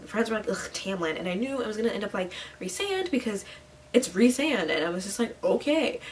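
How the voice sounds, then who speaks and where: A woman's voice: mid-range voice, far from the mic, slight background noise, poor audio. A young woman talking casually about books on her channel, chatty and full of "like" and playful asides. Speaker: book vlogger. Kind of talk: casual book talk.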